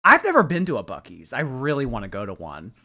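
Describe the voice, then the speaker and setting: Male stream host, bright and animated, mocking live reaction commentary. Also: mid-range voice, fast talker. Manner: animated, mocking, chatty with viewers.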